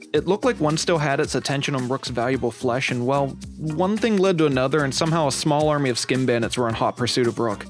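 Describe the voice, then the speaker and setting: A man hosting his channel, telling an adventure story from a game playthrough in an upbeat, dramatic storytelling manner. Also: mid-range voice. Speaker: channel host and narrator.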